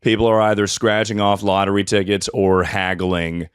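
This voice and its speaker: A man's voice: lowish voice, steady tone, moderate pace, clean tone, no room sound, clean studio sound. A man hosting a comedy podcast, telling rambling self-mocking stories and swearing often. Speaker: podcast host. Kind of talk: casual comedic storytelling.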